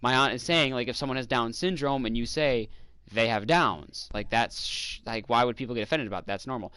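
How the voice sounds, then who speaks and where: A man's voice: mid-range voice, brisk, clear, resonant tone, no echo. A man in his twenties chatting casually while gaming, retelling a family argument and acting out his relatives' lines. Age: 20s. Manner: animated storytelling, acts out relatives' lines; swears freely, exasperated. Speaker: streamer.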